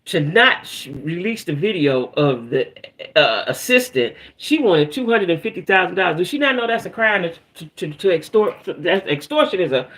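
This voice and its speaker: A woman's voice: lowish voice, sing-song, normal speed, fairly bright tone. A woman hosting a casual live chat, talking straight to her viewers, often checking in with them and swearing freely as she tells her news. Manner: chatty, keeps checking in with "right?" and "y'all"; frequent restarts and stumbles. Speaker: livestream host.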